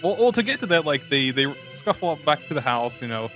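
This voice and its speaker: A man's voice: a little high, big pitch swings, quick pace, fairly bright tone. A man with a slightly raised voice talks crudely and swears constantly as he co-hosts a casual movie podcast. Faint music sits underneath. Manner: crude, heavy swearing, laughs into lines. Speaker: podcast co-host. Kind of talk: casual movie-review chat.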